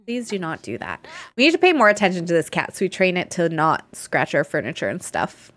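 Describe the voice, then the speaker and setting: A woman's voice: fairly low pitch, sing-song, fairly quick, fairly bright tone. A woman giving casual live gameplay commentary, chatty and giggly, talking to the characters on her screen. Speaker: streamer.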